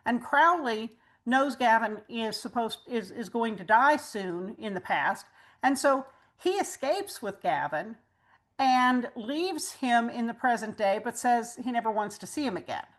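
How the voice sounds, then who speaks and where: A woman's voice: a little high, animated, unhurried, a bit bright. A woman hosting a casual fan chat, explaining plot details at length. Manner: recaps plots at length, explanatory. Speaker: host.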